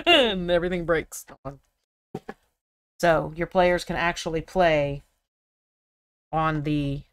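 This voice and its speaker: An American woman hosting a live miniature painting stream, chatting casually and thinking aloud as she works. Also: deep voice.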